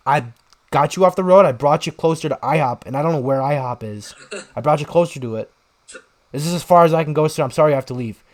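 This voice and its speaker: A young man co-hosting a podcast, telling a rambling story in casual chat and shouting out the lines he quotes. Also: on the high side, lively intonation, quick pace. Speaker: podcast co-host.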